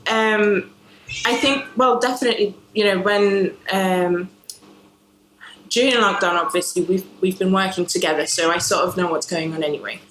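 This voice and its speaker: A woman's voice: medium pitch, fairly even intonation, moderate pace, fairly bright tone. A woman in her twenties, originally from Poland, is a guest on a podcast over a video call. She talks hesitantly and leans on fillers like sort of and you know. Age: 20s. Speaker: guest, illustrator. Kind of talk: casual interview chat. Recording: roomy home video call with faint noise.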